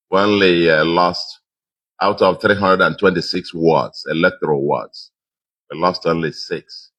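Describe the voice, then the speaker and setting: A middle-aged Nigerian man with a Nigerian accent giving a public address to supporters, measured and repeating phrases for emphasis. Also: low-pitched, a bit bright, poor audio. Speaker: governor giving a victory speech.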